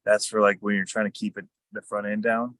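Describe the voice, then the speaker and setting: Male panelist, low-ish, hesitant thinking-aloud chat, dry sound. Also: flat delivery, brisk, fairly bright tone, no echo. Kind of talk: casual group chat.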